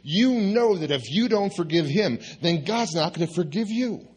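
A man voicing an older male friend who scolds him with pointed, prodding questions in a husky voice. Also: sits high, animated, moderate pace, a little mellow, voice pushed up. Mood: scolding.

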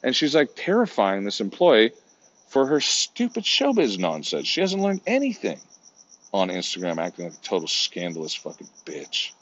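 A man's voice: sits low, expressive, moderate pace, a bit bright, no echo. A man in a rambling, profane comedic rant, meandering and muttering asides, on a muffled lo-fi recording.

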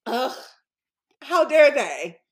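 A young woman co-hosting a podcast in casual chat, expressive and playful with slang, reacting loudly. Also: high-pitched, very slow. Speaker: podcast co-host.

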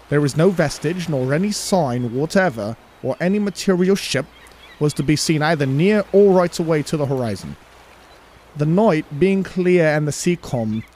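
A man reading an old ship's log aloud in a put-on British accent, slowly and deliberately. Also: on the high side, expressive, darkish tone. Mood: solemn reading. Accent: attempted British.

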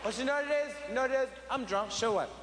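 A man playing a drunk, belligerent middle-aged father loudly claiming his house at a family cookout. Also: extremely high pitch, rapid-fire, crowd noise, pitched above the performer's own voice. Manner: slurring, loud, profane, repetitive. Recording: echoey hall with audience noise.

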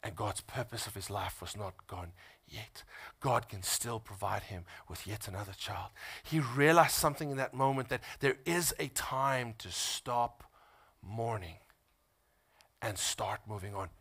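A man who is a father, preaching a sermon as pastor of his church, moving between hushed, tender passages and loud, fervent stretches. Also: lowish voice, a little slow, slightly rough.

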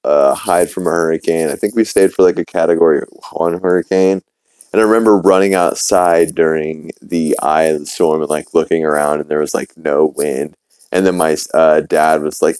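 The host, a young man from New Orleans, walks his podcast listeners through a cartoon episode in a rambling recap, heavy on fillers and acted quotes. His low, mellow voice sounds smooth and clear, holding a steady tone at normal speed. The recording is close and dry with no room sound, and low in quality.

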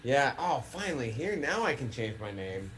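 A man's voice: medium pitch, sing-song, moderate pace, fairly bright tone. A man co-hosting a casual online show, joking around and swearing freely. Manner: joking and profane. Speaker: podcast co-host. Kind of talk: casual chat.

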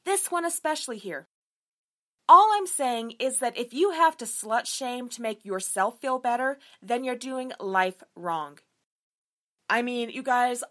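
A young woman talks through a book she loved, in a casual vlog review. Her voice sits a little high and she leans hard on her points, cursing freely as she gushes. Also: a bit bright. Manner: emphatic, enthusiastic and frequently profane.

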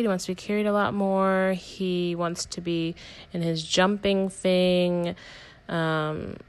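Her fairly low voice has a clean tone, though the audio itself is poor. She's a young podcast host on a casual personal show, speaking openly in a rambling style full of "like" and self-corrections.

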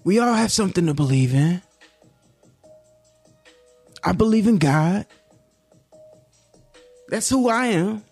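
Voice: mid-range voice, expressive, slow pace, pauses often, a little mellow, husky, soft background music. A commentary YouTuber talking in a casual, reflective vlog monologue, slangy and laid-back, dropping "yo" often and musing in a self-encouraging way.

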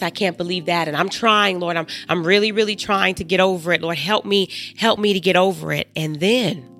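A woman's voice: lowish voice, fairly bright tone. A woman hosting a faith podcast, sharing a personal testimony in an earnest, emphatic way and speaking straight to her listeners. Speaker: podcast host.

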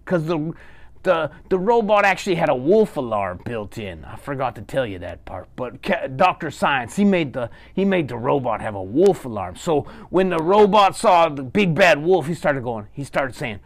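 Gravelly, animated male storyteller. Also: on the high side, normal speed. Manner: animated, chatty, with asides to listeners. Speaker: children's storyteller and host. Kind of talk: bedtime storytelling.

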